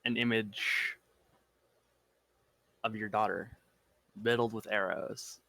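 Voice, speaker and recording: Slow, flat-voiced man running a game. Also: on the low side, creaky, no room sound. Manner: slow, even, measured narration. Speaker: game master. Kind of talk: narrating a tabletop game.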